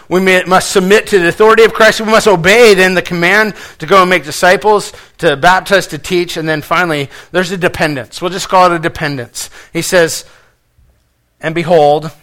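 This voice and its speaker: A man preaching a sermon as pastor, earnest and emphatic, repeating key phrases, swinging between loud stress and quiet phrase endings. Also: high-pitched.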